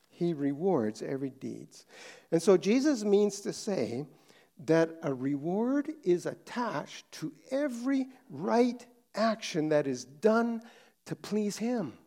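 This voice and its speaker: A middle-aged man preaching a sermon earnestly and emphatically, then dropping to a quiet, soft tone for prayer. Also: sits high. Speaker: pastor.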